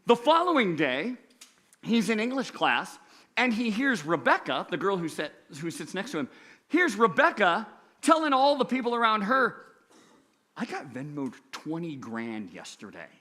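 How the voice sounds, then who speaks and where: A young man, a youth pastor, telling a story in a sermon, animated, acting out the characters' lines. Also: sits high, moderate pace.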